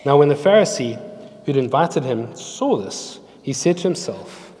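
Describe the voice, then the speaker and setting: A man's voice: mid-range voice, animated, measured pace, a little mellow. Preaching man in a reverberant hall. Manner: earnest, storytelling, explains scripture words. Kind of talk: sermon with scripture reading.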